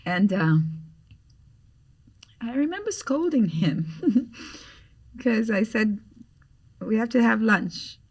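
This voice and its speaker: A middle-aged woman from Grenada with a Grenadian accent, a podcast guest telling a story in an animated way and acting out the voices she quotes. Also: a little high, slow, pauses often, breathy edge, recorded from a distance. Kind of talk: storytelling in conversation.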